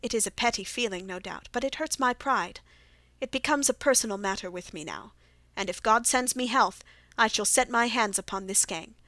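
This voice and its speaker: A woman reading the part of a brilliant, aloof male detective in an audiobook, with a measured, precise delivery. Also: on the high side, pushed and bright, no echo. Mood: stung, resolute.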